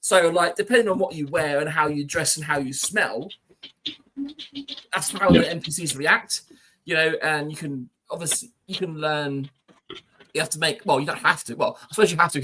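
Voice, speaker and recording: A man's voice: fairly high pitch, a little fast, bright, forceful tone, slight background noise. A man co-hosting a podcast, chatting casually and rambling with lots of "you know". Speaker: podcast co-host.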